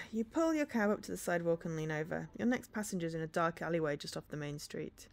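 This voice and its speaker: A woman's voice: fairly low pitch, expressive, fast talker, vocal fry, darkish tone. A woman streamer reading a story game aloud, with dry, sarcastic asides.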